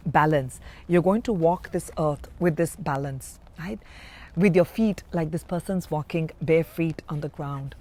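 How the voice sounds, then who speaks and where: A woman giving a spiritual card reading to camera, speaking slowly and warmly with affirming, emphatic rises. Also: low-pitched. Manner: slow, dreamy, affirming delivery with emphatic rises. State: emotional, near tears. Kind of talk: intuitive tarot reading to camera.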